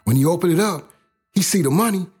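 A man's voice: high-pitched, animated, quick pace, a little mellow, husky, soft background music. A middle-aged man from South Los Angeles telling his own life story in a blunt, profane, casual way.

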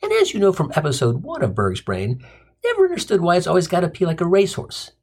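A man with a husky voice tells a comic monologue full of tangents. His pitch swings widely as he builds to crude, sardonic punchlines. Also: wildly swooping pitch, quick pace. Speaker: comic storyteller, podcast host.

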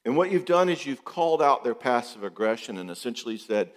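Male counselor giving a talk, lively, keeps acting out little dialogues, big hall echo, mid pitch. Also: fairly quick, few pauses. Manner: animated, acts out quoted dialogue. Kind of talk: talk to an audience.

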